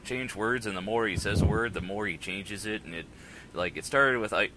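A man's voice: on the low side, normal speed, background noise. A man hosting a casual podcast on a headset mic, rambling and joking at his own expense. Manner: rambling, self-mocking, laughs often. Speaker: podcast host.

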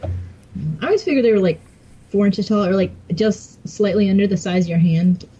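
A woman's voice: mid-range voice, normal speed, dark tone, slight background noise. A woman co-hosting a podcast, chatting casually with dry, matter-of-fact asides. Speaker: podcast co-host. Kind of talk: casual chat. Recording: dull lo-fi recording.

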